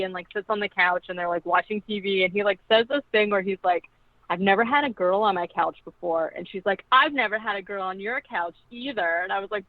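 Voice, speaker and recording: A woman's voice: medium pitch, a little fast, dry recording. A woman casually recapping a film as a podcast co-host, chatty and full of "like", acting out the quoted lines. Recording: tinny phone-like line, dry.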